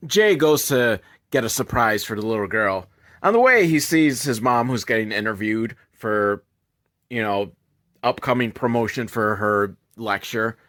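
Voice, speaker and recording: A man's voice: fairly low pitch, expressive, measured pace, fairly bright tone. A man doing a sarcastic, profane comedic movie recap as a reviewer.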